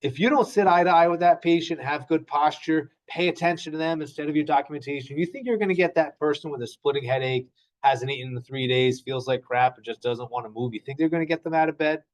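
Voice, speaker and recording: A man's voice: on the high side, fast, low-quality recording. Casual man giving a class lecture. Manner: conversational, asks the class questions, acts out anecdotes. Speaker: physical therapy instructor.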